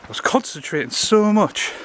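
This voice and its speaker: A man's voice: high-pitched, animated, normal speed, fairly bright tone. A man, out of breath, chatting casually to his camera while scrambling along a rocky coast; he swears freely and mocks himself. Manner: chatty, swears a lot, self-mocking. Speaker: outdoor vlogger. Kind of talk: casual self-filmed commentary. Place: rocky sea coast outdoors. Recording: noisy outdoor camera audio.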